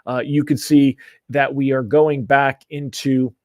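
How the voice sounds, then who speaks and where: A man's voice: medium pitch, little pitch movement, measured pace, a little mellow, dry recording, studio quality. Upbeat man hosting a live rate show. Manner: upbeat, chatty, greets viewers by name. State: stuffy from allergies. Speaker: daily mortgage rate show host. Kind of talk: live-streamed market update.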